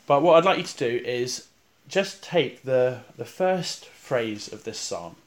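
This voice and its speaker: Male preacher, sermon-style guided meditation, calm and reflective, unhurried with pauses, hushed on recited verses. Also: mid-range voice. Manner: calm and reflective, with slow pauses, dropping soft on repeated verses.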